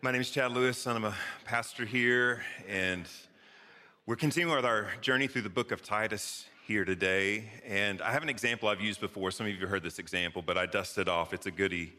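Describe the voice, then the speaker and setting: Bright-voiced pastor preaching in a reverberant church. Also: male voice, fairly low pitch, fairly quick. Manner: conversational, joking preacher with playful asides. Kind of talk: sermon. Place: church sanctuary. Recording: church hall with long reverb.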